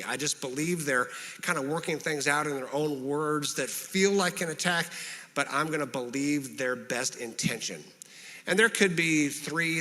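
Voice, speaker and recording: A man delivers a sermon from a church stage, his voice bright and forward at a middling pitch. He talks calmly and conversationally, slipping into short example quotes, and a long reverb from the sanctuary trails each phrase. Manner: calm, conversational preaching with acted-out example quotes. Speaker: pastor.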